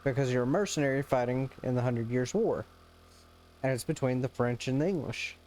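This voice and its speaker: A male game streamer talking over his live stream in an ordinary middle-pitched voice. He jokes around, laughs often and trips over his words, restarting sentences as he goes. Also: a little fast, a little mellow, slight background noise. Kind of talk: casual live-stream chat.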